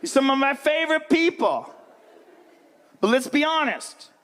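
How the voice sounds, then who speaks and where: A man's voice: very high voice, sing-song, measured pace. A man doing a stand-up set, teasing the crowd and acting out an argument. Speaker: stand-up comedian. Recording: live crowd and noise.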